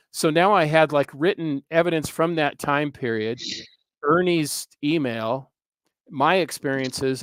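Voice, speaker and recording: Male guest, 60s, smooth and resonant tone, earnest rambling storyteller. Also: on the high side, no echo. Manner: earnest, rambling anecdote with frequent hesitations. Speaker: guest, history professor and author. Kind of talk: casual interview storytelling.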